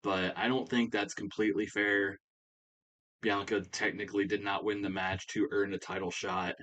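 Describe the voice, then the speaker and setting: A man voicing a stern female wrestling official, talking in a businesslike, measured way. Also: lowish voice, level tone, fairly bright tone, close to an everyday voice.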